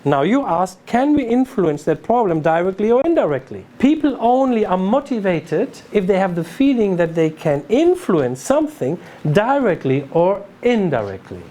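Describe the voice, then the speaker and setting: Measured speaker teaching with a mellow voice. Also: medium pitch, sing-song. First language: German. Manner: measured, didactic, demonstrates phrasing aloud. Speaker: business speaker. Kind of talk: instructive stage talk.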